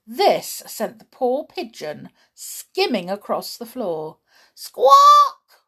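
A woman's voice: mid-range voice, sing-song, slow pace, a little mellow, husky. A woman reading a children's book aloud, chatting in a friendly way between chapters. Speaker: audiobook reader.

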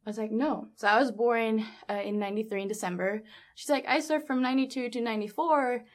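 A young adult woman recounting a personal story in a casual interview, animated, with lots of fillers and quoted dialogue. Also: a little high, fast. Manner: animated, laughs often, many fillers like 'um' and 'like'; acts out quoted dialogue in her own voice. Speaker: guest telling her story.

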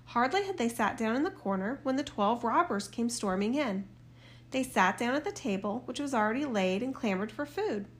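A woman's voice: on the high side, lively intonation, normal speed. A woman narrating a fairy tale aloud, giving light voices to its characters. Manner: reads all parts with mild shifts for the characters. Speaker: storyteller.

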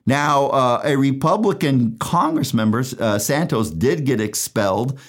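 A man's voice: mid-range voice, lively intonation, unhurried. A man who hosts a casual show as an attorney, chatty and jokey, laughing at his own dad jokes. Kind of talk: casual legal commentary.

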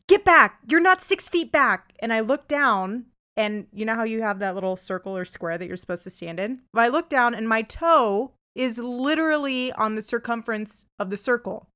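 A young woman hosting a Christian podcast, recounting a story with lively emphasis before easing into calm reflection. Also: fairly high pitch, normal speed, hardly any pauses, clean tone. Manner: animated retelling, voices rise for quoted lines. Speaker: podcast host.

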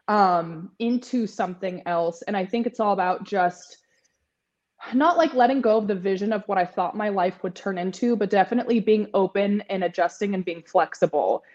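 A woman's voice: mid-range voice, darkish tone, lo-fi sound. A woman in her twenties, a podcast guest, talking in a chatty way with lots of fillers and frequent laughter. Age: 20s. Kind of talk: casual interview chat.

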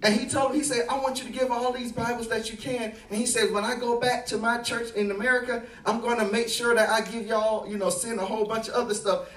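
A man preaching a sermon as pastor, telling a story and building to loud, emphatic delivery. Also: sits high, roomy sound, distant mic.

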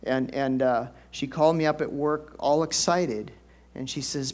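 A middle-aged man preaching a conversational sermon as pastor, folksy and chatty, jumping up into excited bursts and dropping into soft asides. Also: mid-range voice, unhurried.

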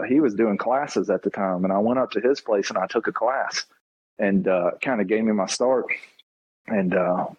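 A man's voice: lowish voice, a little mellow, slightly rough, no room sound. A man in his thirties, a taxidermist guest, telling stories in a loose rambling way, saying "man" and "you know" a lot. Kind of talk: casual interview storytelling. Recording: dull lo-fi podcast audio.

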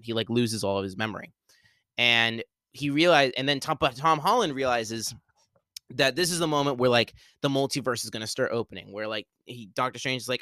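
A man's voice: medium pitch, steady tone, brisk, fairly bright tone, dry recording. A young man hosting a podcast alone, rambling through a casual spoiler talk with many fillers and restarts. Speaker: podcast host.

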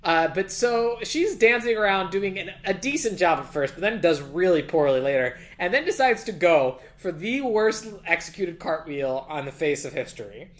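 A woman's voice: fairly low pitch, normal speed, hardly any pauses. Chatty woman recapping a movie. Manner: rambling, animated retelling with quoted dialogue. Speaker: podcast co-host. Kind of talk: casual chat recapping a movie.

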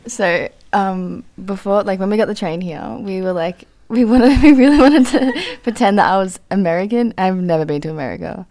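A woman's voice: medium pitch, animated, normal speed, hardly any pauses, warm tone. A young woman from Australia, chatting as a guest in a giggly, self-deprecating way. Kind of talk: casual chat.

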